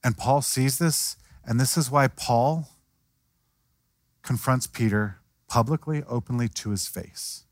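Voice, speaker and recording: A man's voice: mid-range voice, takes it slowly, dry recording. A man preaching a sermon in a conversational way, acting out the voices of the people he quotes. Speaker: pastor.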